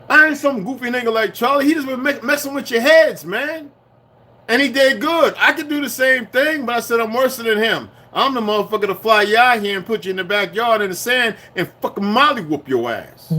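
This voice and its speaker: A man ranting to his viewers in a loose, profane monologue that swings between heated outbursts and low muttering. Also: bright, forceful tone. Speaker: vlogger. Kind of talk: rambling solo rant.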